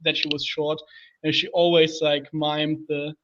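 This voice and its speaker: A man's voice: fairly high pitch, level tone, unhurried, a bit bright. A man on a stream panel chatting loosely and reading chat aloud, recorded on a dull, lo-fi mic. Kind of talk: casual chat.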